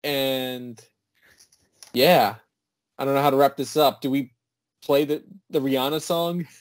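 A young man co-hosting a podcast, talking in a relaxed, wry, joking way. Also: medium pitch, measured pace, no room sound. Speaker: podcast co-host. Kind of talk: casual chat.

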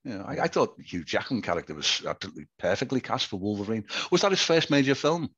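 A man's voice: on the low side, expressive, fast talker, fairly bright tone, husky. A man hosting a casual interview, asking eager, chatty questions over a slightly muffled video call. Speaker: host.

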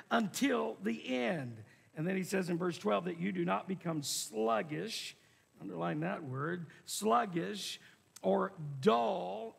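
A man's voice: high-pitched, vocal fry, a bit bright, breathy edge, big-room sound. A man preaching a sermon as pastor, reading scripture aloud and repeating words as he presses his points. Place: church sanctuary.

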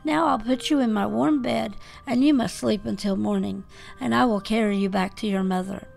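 A kindly, gentle storybook toymaker speaks in a soft, hushed, tender voice, as a woman narrator reads his lines. The voice carries a strong gravelly fry. A faint waltz drifts along behind him. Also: medium pitch, steady tone, moderate pace. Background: faint waltz music.

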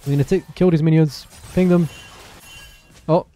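A young man commentates his own match live for his stream, chatty and excitable. His voice sits a little high, with a mellow, soft tone. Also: moderate pace, faint music behind. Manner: excitable, chatty, apologetic asides to chat.

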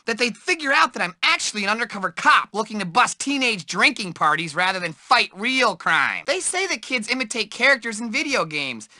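Needy nerdy teenage bookworm. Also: male voice, high voice, very animated, fairly quick, hardly any pauses, pushed and bright, dry recording, exaggerated voice. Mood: earnest. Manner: eager, self-pitying, craving friends. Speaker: video game voice actor. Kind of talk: game voice lines.

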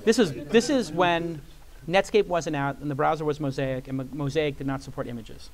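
A man's voice: fairly high pitch, moderate pace. A man telling a long anecdote in an interview, acting out the voices of the people in it and using a lot of "like" as filler. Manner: animated storyteller who acts out quoted voices, many "like" fillers. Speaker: guest. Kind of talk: storytelling interview. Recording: live event with audience.

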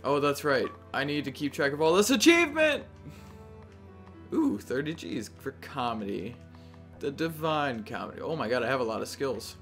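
A man's voice: mid-range voice, big pitch swings, moderate pace, fairly bright tone. A man giving casual, chatty gameplay commentary with self-mocking asides. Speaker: let's-play host. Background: game music.

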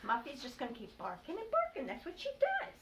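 An older grandmother reads a bedtime story aloud, her lively voice rising and falling as she stops to explain the pictures. She sounds far from the mic in an echoey room, with clear household noise behind. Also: high voice, fairly quick. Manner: gentle, explaining and prompting the child. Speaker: grandmother reading bedtime stories. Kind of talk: reading a storybook aloud to a child. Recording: distant, echoey, noisy home recording.

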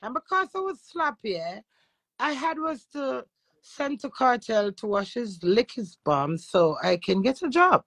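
A woman with a Jamaican accent, a social media influencer, talking loudly and boastfully in casual patois and swearing freely. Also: fairly high pitch, sing-song, unhurried, no echo. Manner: loud, profane and boastful. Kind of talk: brash casual talk in patois.

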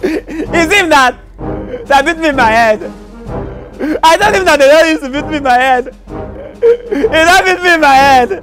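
A high, lively Nigerian voice from a man acting a boastful troublemaker who keeps repeating himself. He wails and half-laughs through his complaints, the pitch leaping about. Faint music plays behind. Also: brisk, full character voice. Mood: wailing. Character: boastful, whiny troublemaker named Mark.

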